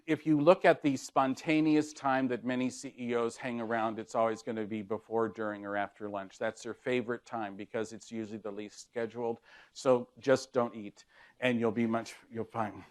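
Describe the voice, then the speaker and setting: A man's voice: medium pitch, steady tone, moderate pace. Man, 60s, keynote speaker. Anecdotal delivery, dry humor, plays out dialogue. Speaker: keynote speaker on leadership communication.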